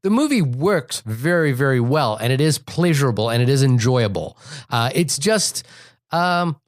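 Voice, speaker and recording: Halting man reviewing a film. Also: mid-range voice, expressive, no echo, clean studio sound. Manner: halting, many restarts and repeated words. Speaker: podcast co-host. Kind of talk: casual movie review chat.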